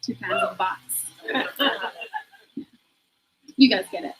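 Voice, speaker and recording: A woman's voice: mid-range voice, very slow, noisy background. A woman performing a stand-up comedy set, self-deprecating and laughing through her own jokes.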